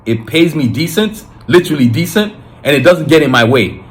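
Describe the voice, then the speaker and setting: A man's voice: on the high side, big pitch swings, a little fast. Fired-up Nigerian-accented man hosting. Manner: emphatic and fired-up, with frequent restarts. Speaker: podcast host. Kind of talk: solo podcast monologue.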